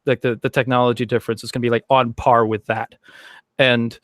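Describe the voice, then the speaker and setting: A man's voice: medium pitch, level tone, brisk, a bit bright, no room sound. Rambling man on a video call, dry sound. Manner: rambling, laughs often, many fillers. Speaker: guest. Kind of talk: casual chat.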